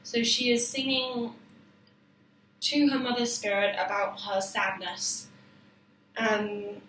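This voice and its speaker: A woman's voice: fairly high pitch, level tone, slow, a bit bright. Woman talking to her camera, lots of ums and restarts, echoey room, mic kinda far. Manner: hesitant, many fillers and restarts. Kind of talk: informal spoken explanation to camera. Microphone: self-filmed camera or phone. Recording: roomy, distant, faint background noise.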